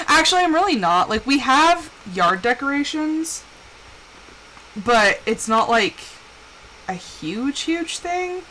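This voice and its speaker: A woman's voice: high voice, big pitch swings, slow pace, bright, forceful tone, a little hiss or hum, poor audio. Chatty young woman streaming a game. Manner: chatty and candid, acts out quoted voices. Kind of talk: casual chat while gaming.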